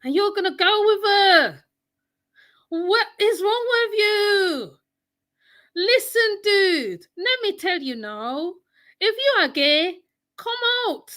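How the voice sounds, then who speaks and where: A woman's voice: very high-pitched, sing-song, takes it slowly, bright, forceful tone. A woman with a West Indian accent giving mocking reaction commentary, scolding and repeating her phrases for emphasis. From West Indies. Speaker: channel host.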